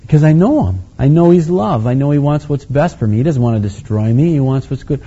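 A man's voice: mid-range voice, lively intonation, brisk, dark tone, breathy edge. A man preaching a conversational sermon in a casual, folksy way, with many asides and restarts. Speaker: pastor. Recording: slightly muffled lo-fi recording.

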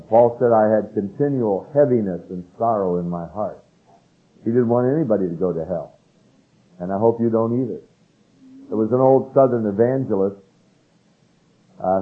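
A man's voice: lowish voice, moderate pace. An older man from California preaching a sermon, earnest and emphatic as he reads and explains scripture. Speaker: pastor. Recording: narrow phone-like radio broadcast sound.

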